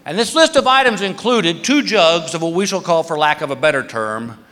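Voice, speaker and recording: A man's voice: fairly high pitch, expressive, moderate pace, sharp tone. A man in his fifties telling a stand-up comedy story on a theater stage, acting out the voices of the people in it. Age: 50s. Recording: live theater with long reverb.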